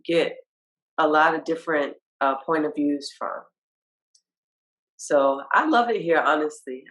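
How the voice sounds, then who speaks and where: A woman from Virginia talks as a rapper guest on a casual podcast. She sounds relaxed and candid and swears offhandedly. She often pauses on fillers while she gathers her thoughts. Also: deep voice, low-quality recording.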